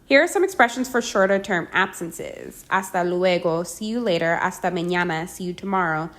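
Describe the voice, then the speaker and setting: A woman narrating a language lesson, reading each phrase slowly and clearly before translating it. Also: fairly low pitch, animated, fairly bright tone. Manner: clear, deliberate, slows down for the phrases. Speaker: language teacher.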